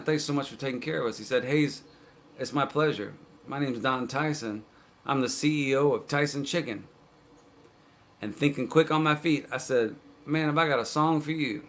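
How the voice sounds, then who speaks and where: A man's voice: mid-range voice, brisk, vocal fry, a bit bright. A man hosting his own livestream show, chatting casually between songs as a laid-back storyteller with dry jokes. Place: indoors, streaming live. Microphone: stream cameras.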